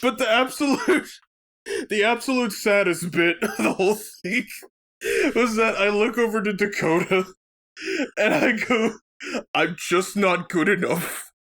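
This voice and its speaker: A man's voice: sits high, measured pace. A young man in his twenties, host of a game let's play, telling a story in casual chat and laughing through it. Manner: giggly, animated, keeps laughing mid-sentence.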